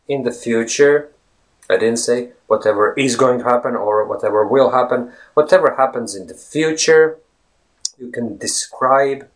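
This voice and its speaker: A man giving a casual English lesson, talking straight to viewers as friends and rephrasing his points as he goes. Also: mid-range voice. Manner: chatty, repeats and rephrases points. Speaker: English teacher. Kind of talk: casual teaching monologue.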